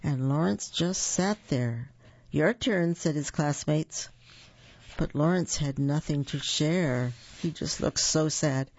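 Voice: medium pitch, slow, a little mellow, no room sound. A storyteller reading a picture book aloud with chatty asides to young listeners, in a dull, dry lo-fi recording.

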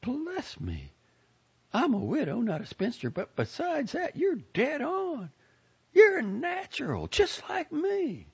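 A man voicing a plump, nosy older woman with a shrill, preachy manner. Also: wildly swooping pitch, slow pace, vocal fry, darkish tone, dull audio, full character voice. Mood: delighted.

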